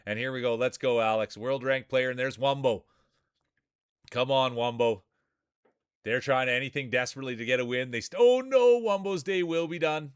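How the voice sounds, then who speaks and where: A man's voice: mid-range voice, a bit bright, smooth, dry recording, studio quality. A man streaming live, doing playful, joking play-by-play commentary on marble races and chatting with viewers.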